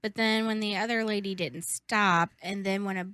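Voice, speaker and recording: A woman's voice: mid-range voice, fairly even intonation, moderate pace, bright, forceful tone, clean tone, no room sound. A young woman co-hosting a podcast, chatting casually and emphatically, dropping the odd swear word. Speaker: podcast co-host. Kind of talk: casual chat.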